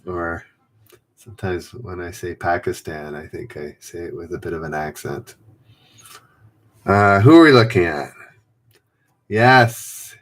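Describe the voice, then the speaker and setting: A man's voice: low-pitched, measured pace, pauses often. A man hosting a live trivia stream from home, reading clues and chatting with viewers by name, often rambling and correcting himself. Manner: rambling, self-correcting, reads chat names aloud. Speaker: trivia livestream host. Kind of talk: casual livestream chat, reading quiz clues. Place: home room.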